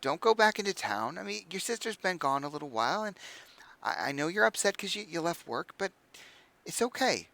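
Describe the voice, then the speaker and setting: A man voicing a gentle, worried middle-aged mother who speaks in a soft, coaxing, hushed way in a tabletop game. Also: fairly high pitch, expressive, fast, clear, resonant tone, no echo. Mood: soothing.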